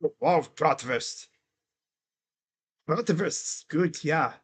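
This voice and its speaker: A man with a fairly high voice commentates a game live for his stream. He talks at an unhurried pace, chatting loosely between calls and then raising his voice on the plays. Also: expressive, husky. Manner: casual, rambling between calls, louder and quicker on plays. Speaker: livestream sports commentator. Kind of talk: live reaction play-by-play.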